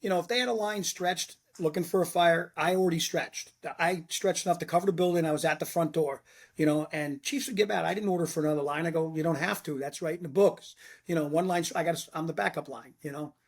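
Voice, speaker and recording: A middle-aged man tells blunt stories from the fire service and acts out the quotes with animation. His voice sits a little high and sounds husky. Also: quick pace. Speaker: retired fire lieutenant, podcast guest. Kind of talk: casual storytelling chat.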